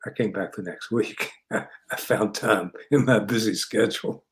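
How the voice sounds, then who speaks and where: Older man telling a story, animated. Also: lowish voice, unhurried. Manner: animated, often laughs, repeats words when starting a sentence. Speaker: interview guest, psychotherapist. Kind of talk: anecdotal storytelling.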